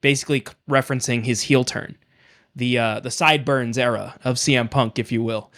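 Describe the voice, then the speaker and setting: A man's voice: mid-range voice, brisk. A man co-hosting a podcast in casual chat, animatedly retelling events and slipping into quoted voices. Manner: animated storyteller, quotes wrestlers in put-on voices. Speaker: podcast co-host. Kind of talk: casual chat recapping wrestling.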